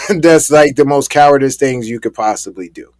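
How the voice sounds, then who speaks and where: A man co-hosting a talk show, speaking in a measured, emphatic way. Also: medium pitch, a little mellow, dry recording. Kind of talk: casual commentary chat.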